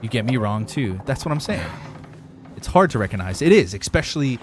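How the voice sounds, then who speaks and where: A man's voice: mid-range voice, sing-song, fairly quick, background noise. A man from Northern Ontario, a game streamer chatting casually with his viewers, rambling, argumentative, and swearing freely. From Northern Ontario, Canada.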